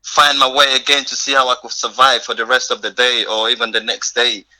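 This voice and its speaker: A young man from Africa, a podcast guest, telling his life story in a casual, animated way and acting out the dialogue. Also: medium pitch, a little fast, rough recording. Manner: animated, acts out quoted dialogue, frequent laughs.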